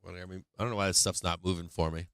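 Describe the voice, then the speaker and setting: A man's voice: deep voice, fairly even intonation, rapid-fire, a bit bright, clean tone, no room sound. A man hosting a stock market live stream, talking through charts live with blunt, swearing remarks and many restarts, a bit worn in the voice as he loses it. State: losing his voice.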